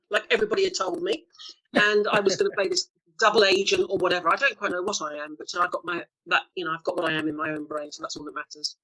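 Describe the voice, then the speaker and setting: A middle-aged woman telling stories as an interview guest, acting out the quotes with lively shifts of voice and frequent laughs. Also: fairly low pitch, quick pace, poor audio. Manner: lively storyteller, acts out quotes, laughs often. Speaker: actor being interviewed. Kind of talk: anecdotal interview chat.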